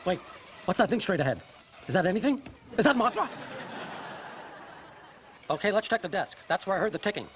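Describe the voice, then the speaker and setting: Blustery, rambling team owner; high, lively voice, sitcom boss. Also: male voice, a little fast, long pauses, a little hiss or hum. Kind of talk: sitcom acting.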